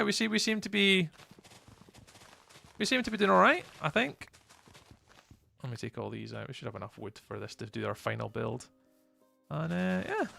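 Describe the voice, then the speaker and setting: A man's voice: mid-range voice, creaky, sharp tone. A young Scottish man casually chatting through a live game stream, rambling and greeting his chat by name. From Scotland. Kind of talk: live gameplay commentary.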